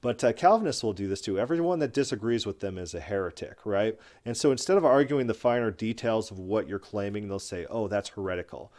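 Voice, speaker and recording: A man's voice: on the low side, expressive, a little fast, few pauses, darkish tone. A man delivering combative, scornful commentary, often repeating words as he rants. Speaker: commentary video host. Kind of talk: opinionated commentary.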